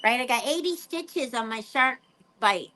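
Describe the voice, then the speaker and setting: Chatty woman with a bright, higher voice. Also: lively intonation, unhurried. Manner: chatty, playful, rambling. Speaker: pet bird vlogger. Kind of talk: casual chat to her pets and viewers.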